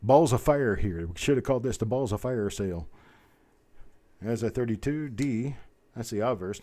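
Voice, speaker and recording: A man with a lowish, warm voice and lively intonation hosts a live online coin auction. He rattles off bids in a fast chant, interspersed with folksy, easygoing banter.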